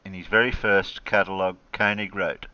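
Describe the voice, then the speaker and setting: A man co-hosting a casual chat, reading a passage aloud in a steady way. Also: deep voice, fairly quick, smooth, no echo, muffled recording.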